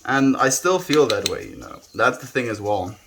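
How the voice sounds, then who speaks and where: A young South African man chatting softly and reflectively with viewers on a live stream, often trailing off with "you know". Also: medium pitch, animated, moderate pace, noisy background. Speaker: livestreamer. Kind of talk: casual live-stream chat.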